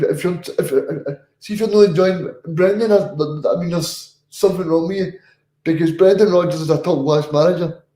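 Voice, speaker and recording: Male co-host, slightly high, mellow, rambling, roomy echo. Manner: rambling, halting, many restarts. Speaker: podcast co-host. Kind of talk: casual football podcast chat. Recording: echoey room.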